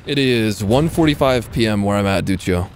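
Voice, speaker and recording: A man with a Californian accent chats through a live gameplay stream, wry and joking, often breaking into laughter. His voice sits a little low. A faint hiss of background noise stays under him. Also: lively intonation, moderate pace. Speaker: game streamer. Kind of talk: casual live gameplay commentary.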